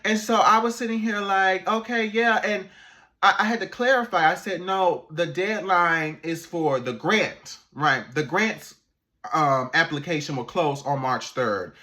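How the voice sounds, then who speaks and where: A man, an animator, telling a story in a casual, animated vlog, laughing and swearing as he goes. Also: high-pitched, unhurried.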